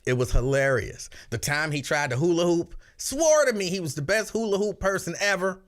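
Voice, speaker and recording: Chatty radio host, slightly high voice. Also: male voice, normal speed. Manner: animated storyteller, breaks into shrill yelling impressions. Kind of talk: casual chat.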